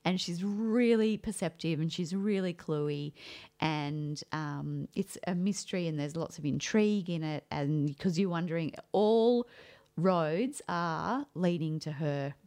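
A woman's voice: low-pitched, unhurried. Chatty woman sharing book picks. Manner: animated, laughs often, chatty with fillers. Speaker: podcast co-host. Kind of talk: casual chat about books.

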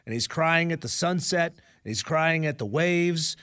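A man's voice: on the high side, measured pace, bright, forceful tone, clean tone, no echo, clean studio sound. Wisecracking male radio co-host. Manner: wisecracking, storytelling. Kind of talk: sports talk radio.

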